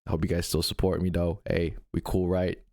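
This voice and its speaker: A man voicing a laid-back male streamer who shrugs off a scandal in a low, mumbling, dismissive drawl. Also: level tone, fairly quick, mellow, no room sound, studio quality. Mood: nonchalant.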